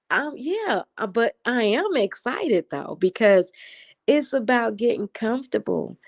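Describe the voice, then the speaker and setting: A woman chatting casually on a late-night livestream, reading and answering viewer comments, with a voice that always sounds excited. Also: a little high. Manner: naturally excited-sounding, animated voice.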